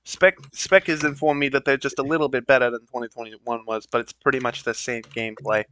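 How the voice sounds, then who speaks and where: A man's voice: medium pitch, fairly even intonation, fairly quick, fairly bright tone, clear, resonant tone. A man chatting casually with friends while gaming, joking and laughing often. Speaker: player.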